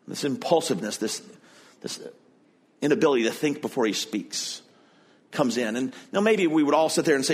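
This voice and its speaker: A man's voice: mid-range voice, expressive, normal speed. A male pastor preaching a sermon in a conversational way, retelling and explaining the passage with frequent restarts and self-corrections.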